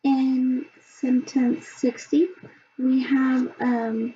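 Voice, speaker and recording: Slow, hesitant woman presenting. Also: a little high, little pitch movement, mellow, faint music behind. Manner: slow, hesitant, many ums. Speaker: student presenter. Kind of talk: explaining a reading assessment. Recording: dull lo-fi sound, faint background hum.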